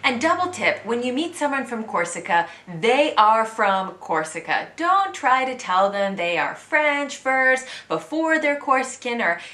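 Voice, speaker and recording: A woman's voice: on the high side, big pitch swings, a little slow, hardly any pauses, bright, forceful tone, echoey room. An American woman in her thirties chatting candidly to camera as a vlogger living abroad. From United States. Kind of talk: casual chat to camera.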